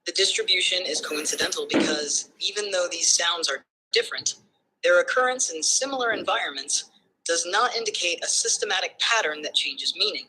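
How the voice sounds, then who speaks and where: A synthetic assistant voice explaining phonetics like a tutor, in calm, structured steps that end by checking understanding. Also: mid-range voice, brisk, a little hiss or hum, low-quality recording.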